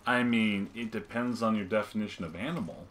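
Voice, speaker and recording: A man's voice: on the low side, brisk, fairly bright tone, slight background noise. A man joking and swearing while playing a video game with his mother. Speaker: let's play host. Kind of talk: casual gameplay chat.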